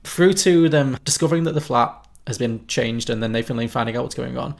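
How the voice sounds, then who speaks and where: Gravelly man, chatty podcast co-host. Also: medium pitch, a little fast. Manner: enthusiastic, laughs often, quotes film lines. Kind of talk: casual film chat.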